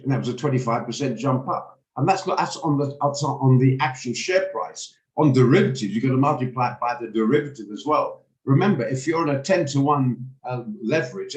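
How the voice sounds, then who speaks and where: A man with a hoarse, gravelly voice teaching a live online trading lesson, explaining things patiently and often repeating or restarting words. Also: mid-range voice. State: hoarse, gravelly voice while recovering. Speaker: trading instructor. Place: home room on a video call. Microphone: video call microphone. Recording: echoey room on a video call.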